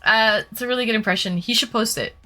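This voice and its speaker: A woman's voice: a little high, fast talker, bright, forceful tone. A young woman hosting a casual live stream, chatting with a guest, laughing often and reading out chat messages. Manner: giggly, filler-heavy, reads chat aloud. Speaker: streamer host. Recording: music playing faintly behind.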